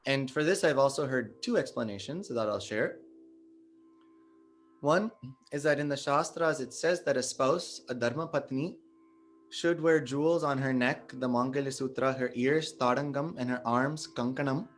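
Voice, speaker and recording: A man giving a devotional satsang talk, retelling a sacred story in a measured, explanatory way and stressing the holy names. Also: mid-range voice, soft background music. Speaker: satsang speaker.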